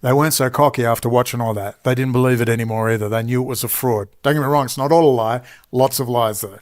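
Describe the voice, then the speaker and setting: A man's voice: medium pitch, fairly even intonation, fast. A middle-aged man with an Australian accent, telling a long personal story with emphatic asides and frequent digressions. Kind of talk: rambling personal storytelling monologue.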